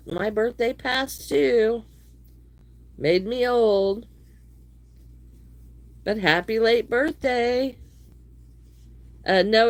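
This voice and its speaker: A middle-aged woman, chatting casually with viewers while she crochets, a little wheezy from allergies. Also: fairly low pitch. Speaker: crochet livestream host. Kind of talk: casual livestream chat.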